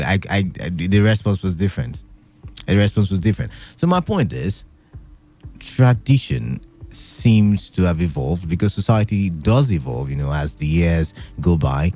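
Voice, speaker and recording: A man's voice: deep voice, a little slow, a little mellow, soft background music. A man hosting an evening radio show in a studio, chatty and playful, rambling with lots of fillers. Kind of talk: casual radio talk. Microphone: studio microphone.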